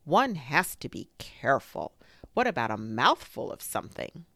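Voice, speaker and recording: A woman voicing a fussy, cautious male rabbit who speaks in a brisk, prim and wary way. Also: rumbling low, sing-song, a bit bright, no room sound, studio quality, heavily acted.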